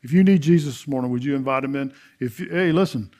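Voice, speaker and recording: Speaking fast at medium pitch, a middle-aged pastor delivers a sermon, retelling a Bible story folksily and voicing the dialogue himself. He alternates between loud emphasis and hushed earnestness.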